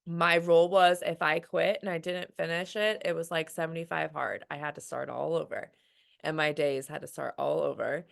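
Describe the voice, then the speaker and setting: Young adult woman, low-pitched, frank and encouraging; a team-call speaker who quotes her own self-talk. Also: fairly even intonation, moderate pace, creaky. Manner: candid, quotes her own inner voice, frequent "like" and "um".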